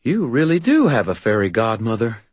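A wry, sharp-tongued grown woman , as a man puts her on, dry and teasing in a storybook reading. The voice is raised clearly above a man's own pitch, with a pointed, knowing edge. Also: huge pitch swings, moderate pace, no echo. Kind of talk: audiobook character voice.

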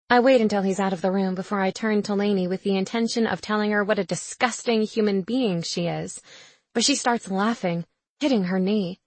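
A woman's voice: mid-range voice, normal speed, no echo. A young woman narrating a first-person audiobook with a wry, sarcastic inner voice.

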